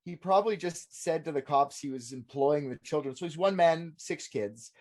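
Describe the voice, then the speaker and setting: A woman's voice: deep voice, normal speed, a little mellow. A woman co-hosting a podcast, joking around and swearing in casual chat. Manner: joking, swears, laughs a lot. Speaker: podcast co-host.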